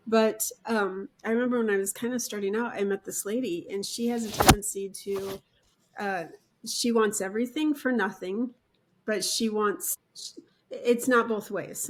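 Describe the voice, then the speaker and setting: Chatty woman podcast host. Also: mid-range voice. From Utah. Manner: chatty, rambling with fillers and asides. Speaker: podcast host, real estate agent. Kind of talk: conversational interview chat.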